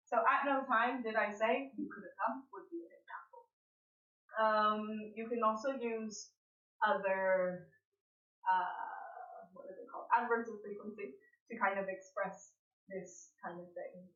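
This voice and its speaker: A woman teaching an online English class, explaining grammar step by step and checking in with her students. Her voice sits at an ordinary pitch and has a slightly dull, lo-fi quality. It sounds like it was picked up by a computer mic in a roomy space. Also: fairly bright tone. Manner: explains patiently, often checking with "okay?". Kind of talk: live online grammar lesson.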